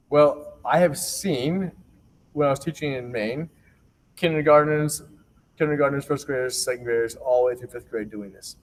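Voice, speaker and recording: A man's voice: medium pitch, moderate pace. Reassuring man calling out a clapping rhythm. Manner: upbeat, reassuring, counts out rhythm calls. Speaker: PE teacher. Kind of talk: remote lesson to young children. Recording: distant laptop mic with faint noise.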